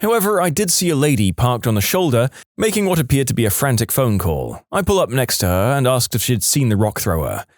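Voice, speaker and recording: A man reading short stories aloud as a podcast narrator, in the lively manner of a storyteller. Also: medium pitch, a little fast, hardly any pauses, no room sound, clean studio sound. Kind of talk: scripted narration of reader stories.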